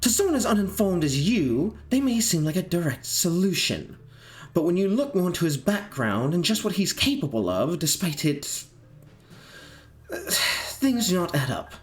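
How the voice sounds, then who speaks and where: A man's voice: sits high, sing-song, normal speed, voice pushed up. A man voicing an older woman official who speaks in a firm, lecturing tone. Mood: stern.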